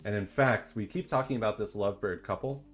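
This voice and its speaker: A man hosting a casual livestream in a laid-back, slangy way that turns excited at times. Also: lowish voice, a little fast, soft background music. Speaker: streamer and dungeon designer.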